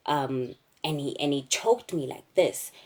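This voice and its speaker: Young south african woman telling her story to the camera, deep-ish voice, lots of "like" and restarts. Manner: candid, halting retelling with frequent fillers. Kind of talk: personal story told to camera.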